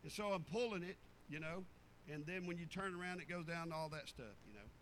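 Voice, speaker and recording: Folksy older preacher. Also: male voice, on the high side, brisk, a bit bright, a little hiss or hum, rough recording. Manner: rambling, down-home storyteller with many restarts. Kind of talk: folksy sermon storytelling.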